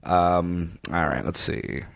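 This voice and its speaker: A man's voice: sits low, fairly even intonation, slow pace, creaky. A man co-hosting a comedy podcast, trading blunt, crude, sardonic jokes. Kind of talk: casual comedy podcast chat.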